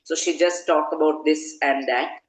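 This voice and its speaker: A woman's voice: low-pitched, normal speed, roomy sound, low-quality recording. A woman in a study group casually explaining why she prefers a book. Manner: relaxed, uses fillers like you know.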